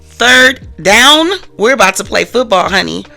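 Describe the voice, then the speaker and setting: A woman's voice: medium pitch, animated, measured pace, creaky, sharp tone, faint music behind, full character voice. A woman voicing a sassy, insistent young woman who is an emotional best friend, as she retells a scene. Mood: annoyed, sassy.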